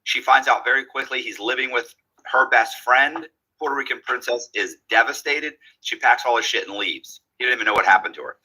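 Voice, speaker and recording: Man, husky voice, very bright tone, casual storytelling, acts out dialogue. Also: mid-range voice, a little fast, rough recording. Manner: animated, acts out quoted dialogue.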